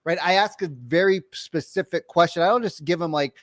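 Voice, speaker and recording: A man coaching on sales in casual podcast chat, animated and slangy, acting out calls in quick voices. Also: a little high, no echo, clean studio sound. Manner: slangy, says bro and dude.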